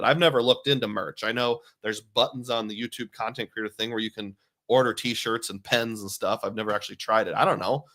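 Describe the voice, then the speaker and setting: Man host, casual and chatty livestream talk, crisp bright tone, mid pitch. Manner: casual, thinking aloud, chatty with viewers. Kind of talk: live-stream commentary.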